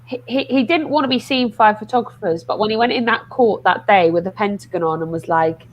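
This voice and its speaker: A woman's voice: mid-range voice, a little fast, poor audio. A woman in casual chat on a video call, talking with many fillers. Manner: filler-heavy, says like a lot.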